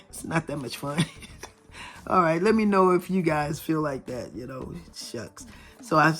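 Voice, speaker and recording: Chatty woman with a slightly raspy voice. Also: sits low. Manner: chatty, talks straight to viewers. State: hoarse after a cold. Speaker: vlogger. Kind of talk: casual chat. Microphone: camera filming from overhead.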